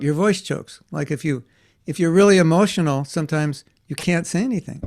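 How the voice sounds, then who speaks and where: Brief: man telling children stories, a little high, gravelly, acts out quotes. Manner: animated, acts out voices in quotes. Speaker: teacher. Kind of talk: storytelling class for children.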